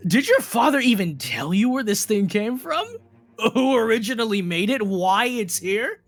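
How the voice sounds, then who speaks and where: A man's voice: high-pitched, sing-song, normal speed, voice pushed up, heavily acted. A man doing a sneering tyrant king of the seas. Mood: mocking. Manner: sneering, swings into shouting rage. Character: arrogant male tyrant sea king, mocking.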